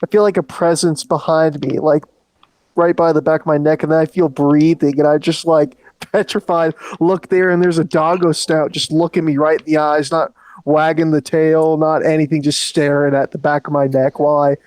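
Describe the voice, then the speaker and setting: A man's voice: on the high side, flat delivery, normal speed, darkish tone, smooth, no echo. A man guesting on a live stream, chatting casually in a rambling, profane, matter-of-fact way. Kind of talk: casual chat.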